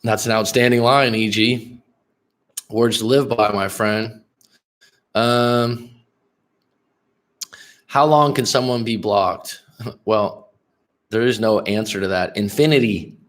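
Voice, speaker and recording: Male relationship coach, lower register, brash and profane, livestream chat delivery. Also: slow pace, long pauses. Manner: blunt, profane, animated, calls viewers bro. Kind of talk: livestream coaching, answering viewer comments.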